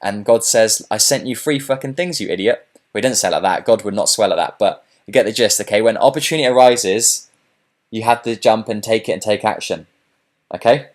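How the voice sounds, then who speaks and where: A man giving a webinar sales pitch as a business coach, pushing viewers to take action and often saying "okay" and "look". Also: brisk. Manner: pushy, repeats "okay" and "look".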